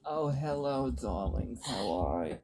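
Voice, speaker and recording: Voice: mid-range voice, expressive, takes it slowly, dark tone, voice pushed down. A streamer putting on the voice of a sweet old grandmother who calls everyone darling and sweetheart, in livestream banter. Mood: doting.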